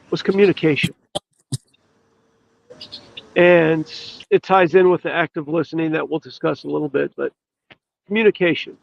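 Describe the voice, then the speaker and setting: A man, a podcast guest, telling a story in an earnest, emphatic way with drawn-out pauses. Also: high-pitched, gravelly, slight background noise. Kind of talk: storytelling in casual chat. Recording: dull, lo-fi dry sound.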